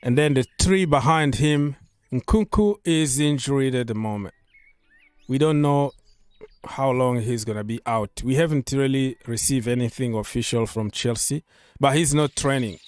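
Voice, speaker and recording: A man's voice: mid-range voice, darkish tone, dry recording. Chatty man hosting a football live stream. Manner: chatty, loose, repeats himself and reads out viewer comments. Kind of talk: casual live-stream chat.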